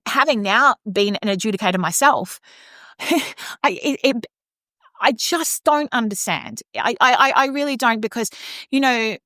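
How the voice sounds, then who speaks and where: A woman's voice: fairly high pitch, unhurried, dry recording. Australian woman, opera singer and podcast co-host, candid storyteller, dry studio sound. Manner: candid, lively storyteller with frequent restarts. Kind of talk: casual storytelling chat.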